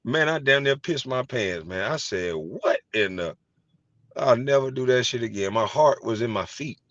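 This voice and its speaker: A middle-aged man hosting a casual chat, telling animated, profane stories and laughing easily. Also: medium pitch, normal speed, no room sound. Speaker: host. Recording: dry, slightly dull sound.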